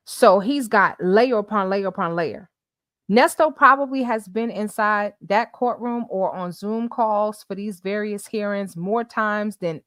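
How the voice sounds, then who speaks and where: A woman hosting a livestream commentary show, talking in an animated, emphatic way with lots of repetition. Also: mid-range voice, dry recording, clean studio sound.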